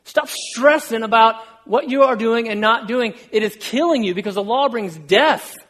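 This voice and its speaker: A man's voice: very high-pitched, moderate pace, fairly bright tone. A middle-aged male pastor giving a casual, self-deprecating sermon and acting out quoted conversations.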